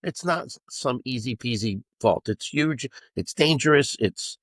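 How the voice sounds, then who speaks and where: Animated male gymnastics coach. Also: medium pitch, measured pace, no room sound. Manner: animated storytelling, voice rising when he relives scolding. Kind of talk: podcast discussion.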